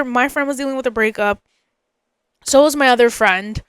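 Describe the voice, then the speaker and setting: A young woman tells a personal story on her podcast in a loose, chatty way, full of asides and fillers. Her voice sounds smooth and clear. She pitches a little higher than most women, and the close mic leaves almost no room sound. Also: normal speed, fairly bright tone, dry recording. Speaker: podcast host.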